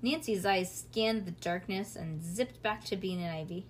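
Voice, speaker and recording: A woman reading a children's storybook aloud in a casual, lively way with small slips. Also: mid-range voice, unhurried, slight background noise. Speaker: reader.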